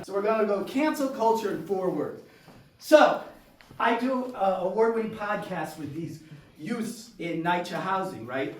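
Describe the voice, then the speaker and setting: A man performing a solo stand-up storytelling set on a small theater stage, animated and jumping to loud exclaimed punchlines. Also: high-pitched, unhurried. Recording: roomy stage sound from far off.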